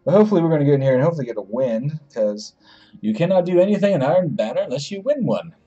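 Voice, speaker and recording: A man hosting a gaming channel, giving jokey, rambling commentary and letting out excitable yelps as he plays. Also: on the high side, very fast, slightly rough, highs cut off. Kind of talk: gameplay commentary.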